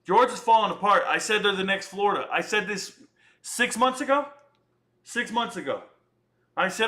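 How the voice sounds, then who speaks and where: A man's voice: high-pitched, expressive, moderate pace, bright, forceful tone. A man hosting a casual livestream chat, joking and boasting in slangy talk. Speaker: livestream host.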